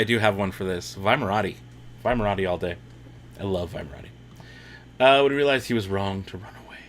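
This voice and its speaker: Guy hosting a watch party stream, chatty and excitable, reads chat out loud. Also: sits low, slight background noise. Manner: excitable, reads chat aloud, laughs often. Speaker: host of a watch party livestream. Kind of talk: casual livestream chat.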